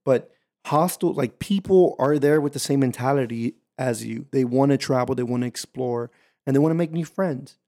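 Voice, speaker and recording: Casual American male host, lively storyteller, talks straight to the audience. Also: medium pitch, normal speed. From United States. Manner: animated storytelling, addresses listeners directly. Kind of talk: casual chat.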